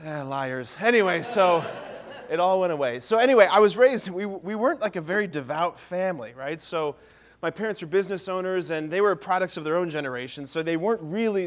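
A man in his thirties from Ohio, a priest giving a humorous talk to parents and telling self-deprecating stories. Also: sits high. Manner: self-deprecating storyteller, keeps asking "right?". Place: parish hall or church.

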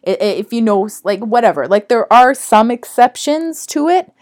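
A woman's voice: fairly high pitch, normal speed. A young woman co-hosting a podcast, telling stories in casual chat, swearing and acting out what others said. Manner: animated, profane, acts out quotes. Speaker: podcast co-host.

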